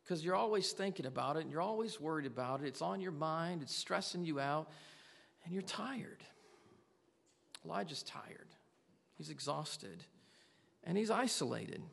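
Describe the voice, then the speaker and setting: A man's voice: on the high side, animated, normal speed, gravelly, long pauses, fairly bright tone, big-room sound. A man preaching a sermon to a congregation, earnestly asking them question after question. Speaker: pastor.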